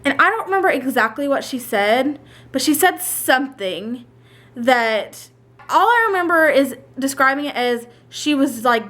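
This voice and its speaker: A woman's voice: sits high, lively intonation, moderate pace, fairly bright tone. A young woman casually telling a personal story on her vlog, chatty and full of "like" asides as she retells what people said. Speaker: storyteller vlogger.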